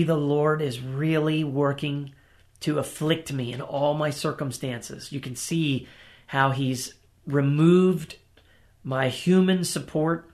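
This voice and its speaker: Man, sermon testimony, earnest, storytelling, gravelly, slightly high pitch. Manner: earnest, storytelling, direct to listeners. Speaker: preacher giving testimony. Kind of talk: sermon-style personal testimony.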